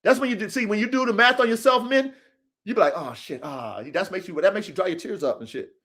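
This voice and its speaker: Male podcast host, high voice, cursing preacher energy, quiet-to-shouting swings. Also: animated, fast. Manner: profane, preachy, swings from low mutters to shouts. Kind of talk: motivational podcast monologue.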